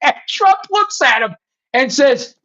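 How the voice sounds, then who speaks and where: A woman hosting a casual chat show, excitable and laughing as she talks, swearing freely. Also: sits high, a little slow. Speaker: show host. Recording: dull lo-fi audio.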